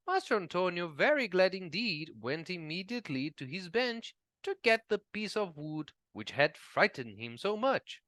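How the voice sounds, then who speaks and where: Slow, expressive male storyteller. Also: fairly high pitch, no echo, studio quality. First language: Portuguese. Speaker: English teacher reading an audiobook. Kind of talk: storybook narration.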